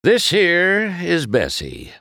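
A man's voice: fairly high pitch, wildly swooping pitch, slow pace, pushed and bright, dry recording, clean studio sound, pitched above the performer's own voice, exaggerated voice. Doc, a man doing a stern old car. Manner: gruff, commanding, drawling. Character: stern old male car, town judge. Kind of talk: storybook character voice.

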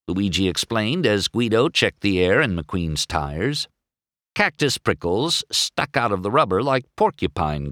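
A man's voice: on the low side, expressive, unhurried, a bit bright, no echo, studio quality. A man reading a children's storybook aloud as narrator.

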